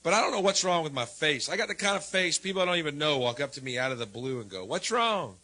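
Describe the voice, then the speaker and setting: A man's voice: a little high, lively intonation, quick pace, rough recording. Sardonic man doing stand-up. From United States. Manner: wry, sardonic, shifts between mutters and loud jabs. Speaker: stand-up comedian. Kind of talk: stand-up routine.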